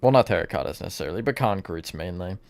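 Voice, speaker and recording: A man's voice: sits low, animated, fast talker, vocal fry, darkish tone. A man streaming live, chatting casually with his viewers while he builds, often laughing at his own slips. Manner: chatty, self-mocking, answers chat mid-task.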